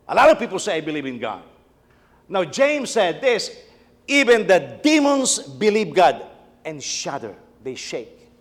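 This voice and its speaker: A middle-aged male pastor giving a conversational sermon, repeating words as he tells stories about his family. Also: high-pitched. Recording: long reverb of a church hall.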